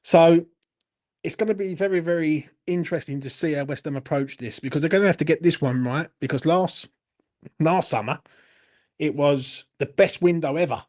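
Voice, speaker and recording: Young bloke, tipsy host, blunt and sweary, slightly high voice. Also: male voice, normal speed, a little mellow. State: drinking, a little tipsy. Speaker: football channel host. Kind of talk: late-night live Q&A, reading chat comments.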